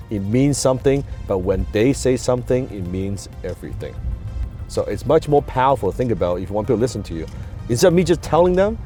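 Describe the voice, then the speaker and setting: A business and communication coach whose first language isn't English speaks in a lowish, dark voice with a non-native accent. He gives an emphatic motivational talk, repeating key words and posing rhetorical questions.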